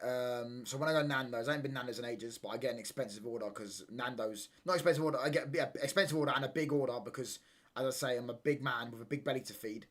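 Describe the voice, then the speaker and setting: Slangy young streamer man. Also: mid-range voice. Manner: casual slangy banter, repeats phrases, gets loud when ranting. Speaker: watchalong streamer. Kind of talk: live football watchalong chat.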